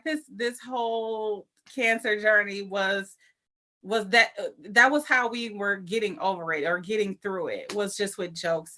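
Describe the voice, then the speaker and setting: A young adult woman, a cancer survivor, telling a personal story at an online event and acting out the voices in it. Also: mid-range voice. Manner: animated storytelling, acts out voices in quotes.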